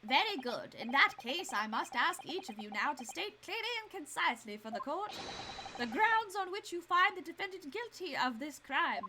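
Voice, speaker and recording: A woman voicing a stern older male trial judge who speaks in formal, measured courtroom phrases over game music. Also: high-pitched, big pitch swings, pushed and bright, a little hiss or hum, voice pushed up, heavily acted, poor audio.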